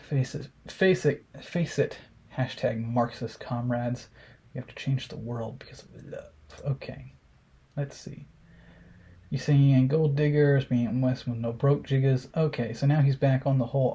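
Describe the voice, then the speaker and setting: A man's voice: mid-range voice, steady tone, normal speed, warm tone, breathy edge. A young man giving casual, profane commentary while reacting to memes, mocking and sarcastic.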